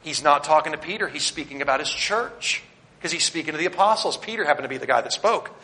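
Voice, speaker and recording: Bright-voiced preaching man in a reverberant hall. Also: fairly high pitch, expressive, quick pace. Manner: emphatic preaching, swinging between loud declarations and quiet asides; addresses the congregation directly and points them to their notes. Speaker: Baptist pastor. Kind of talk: sermon.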